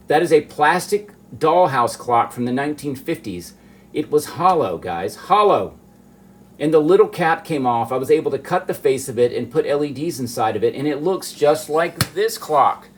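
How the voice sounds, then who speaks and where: A miniature artist from the southern United States chats earnestly and animatedly with viewers on a live stream. His voice is a little high and fairly bright.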